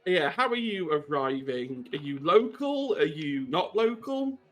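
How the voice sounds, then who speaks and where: A man's voice: on the high side, very animated, measured pace, soft background music. A man narrating a tabletop horror game as game master, rambling with many ums and wry asides.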